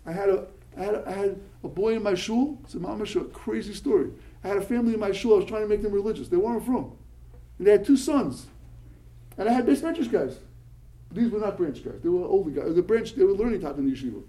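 A male rabbi giving an animated talk to yeshiva students, telling stories, mixing Hebrew and Yiddish words into English, and often repeating words when he gets excited. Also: high voice, fast, low-quality recording.

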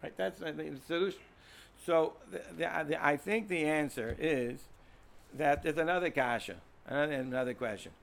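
A man with an American accent teaching a class in a relaxed, meandering way. He repeats himself, restarts sentences and keeps turning to his students with questions. His speaking voice sits slightly high for a man. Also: normal speed, vocal fry. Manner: rambling, repeats words, asks students questions. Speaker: Torah teacher. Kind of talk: informal classroom lecture.

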